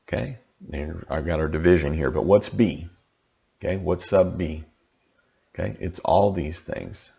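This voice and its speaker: A man with a very low, gravelly voice walks through a tax lesson in a loose, conversational way. He sounds tired from the late hour. He keeps pausing to ask "okay?" as he explains. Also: expressive, dark tone. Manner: conversational, checks in with frequent "okay?". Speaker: tax educator.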